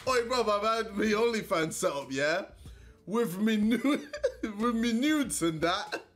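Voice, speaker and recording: A man's voice: high-pitched, animated, measured pace, over music. A man putting on an exaggerated London slang voice to play a cheeky, crude British lad. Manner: over-the-top, laughing through the lines.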